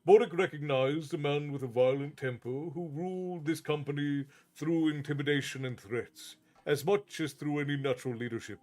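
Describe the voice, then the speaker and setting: A man telling a fantasy story as a steady, measured storyteller. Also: on the high side. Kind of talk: reading a fantasy novel aloud. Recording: faint background music.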